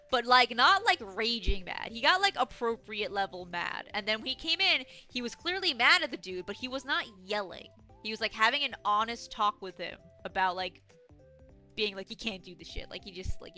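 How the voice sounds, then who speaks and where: A young woman streamer chats and rambles through stories with a casual, swearing flow. Her voice is bright and sits a touch high, with a dry, slightly sore throat. Faint game music plays softly underneath. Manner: rambling, chatty storytelling with frequent swearing. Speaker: livestreamer. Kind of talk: casual chat while gaming.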